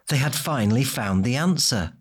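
A man narrating a fantasy audiobook in a measured, descriptive way. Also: mid-range voice, lively intonation, slightly rough. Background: faint music.

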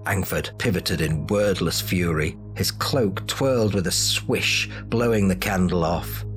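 A man giving dramatic, measured narration of a fantasy audiobook. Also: deep voice, soft background music.

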